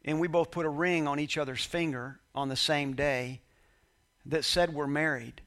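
A man's voice: a little high, steady tone, normal speed, fairly bright tone. A male pastor telling a personal story in a sermon, acting out bits of dialogue and joking with his congregation. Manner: conversational preacher, quoting dialogue, laughing with congregation.

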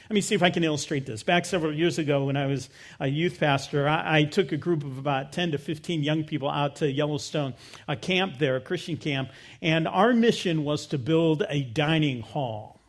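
A middle-aged man preaching a sermon, telling a personal story and swinging from loud emphasis to quiet, low asides. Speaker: pastor.

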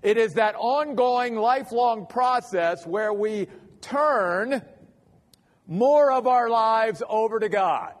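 A male pastor giving a Bible-teaching sermon, measured and deliberate, repeating key points for emphasis. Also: sits high. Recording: long hall reverb.

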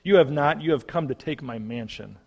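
A man voicing a stubborn, defensive brother who shouts at a stranger to go away. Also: on the high side, brisk, vocal fry, breathy edge. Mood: hostile. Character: stubborn brother guarding his hut, hostile. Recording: long reverb.

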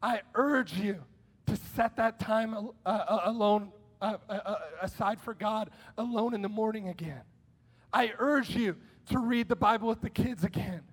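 Man, pastor, very high voice, lively sermon, bursts of shouting. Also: normal speed, slightly rough. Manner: energetic, conversational preaching with sudden shouts. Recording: long hall reverb.

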